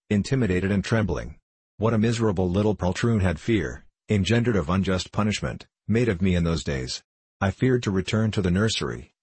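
A man narrating a classic novel in a measured, formal reading. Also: low voice, breathy edge, no room sound. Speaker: audiobook narrator.

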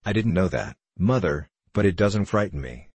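A man's voice: sits low, expressive, moderate pace, darkish tone, slightly rough, dry recording, exaggerated voice. A man voicing a modest, brave fourteen-year-old boy in a storybook reading, speaking plainly and earnestly.

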